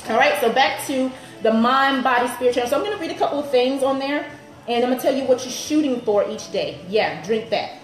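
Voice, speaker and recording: A woman's voice: sits high, expressive, fairly quick, reverberant, soft background music, rough recording. A woman personal trainer in her thirties, chatting upbeat on a live stream to viewers and laughing often.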